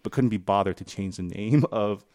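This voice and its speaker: Casual podcast co-host, man, low voice, halting and rambling, dry close sound. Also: darkish tone, no room sound. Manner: rambling, halting, lots of ums and laughs. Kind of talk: casual chat.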